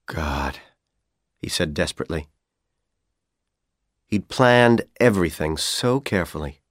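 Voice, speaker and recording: Male audiobook narrator, native Persian speaker, lowish voice, lively swooping intonation, dry close-miked sound. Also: no room sound. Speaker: audiobook reader.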